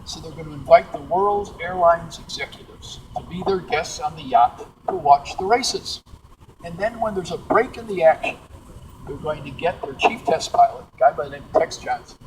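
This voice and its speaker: A man from the Midwest, guiding a museum tour and telling stories in an animated way. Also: on the high side, moderate pace, slight background noise, poor audio. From Midwestern United States. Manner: animated, acts out quotes in character voices. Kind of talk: storytelling tour talk. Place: large museum hangar, indoors.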